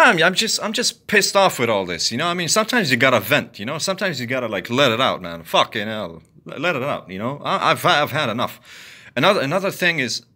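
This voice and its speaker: A man ranting angrily to the camera, profane and repetitive, swinging from loud outbursts to low muttering. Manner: heated, profane, repetitive venting. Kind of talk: angry solo rant to camera.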